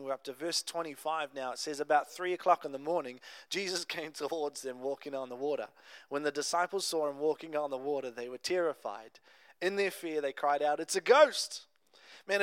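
A young adult man preaching a sermon, telling a Bible story in a conversational, animated way with casual asides. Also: fairly high pitch, smooth, dry recording. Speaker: pastor.

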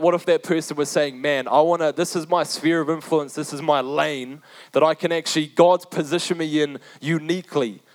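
A young man preaching a sermon in a casual, slangy way, repeating phrases for emphasis. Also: on the high side.

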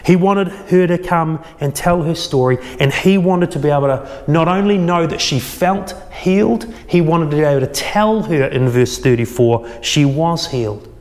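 A man delivers a sermon, retelling a story with animated, acted-out quotes. His voice sits a bit high. It rings out with the long reverb of a large hall. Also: moderate pace, hardly any pauses. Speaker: pastor.

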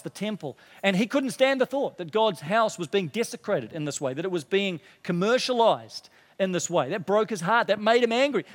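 A male pastor preaching with a fairly high, light voice. He is earnest, sinks to a low hush to drive points home and lifts again when fired up. Long reverb from the church hall trails each phrase. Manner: earnest preaching, drops low and quiet for emphasis, rises when stirred. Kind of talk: sermon.

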